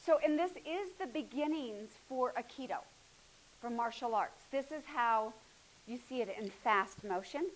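A woman's voice: a little high, slight background noise, low-quality recording. A woman instructing a movement class hands-on, coaxing and encouraging, often dropping to a near murmur as she moves around the room.

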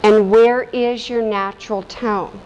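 A woman teacher leading a guided vocal meditation in a calm, gently instructive way. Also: on the high side, takes it slowly, big-room sound, lo-fi sound, a little hiss or hum. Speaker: voice and breath teacher.

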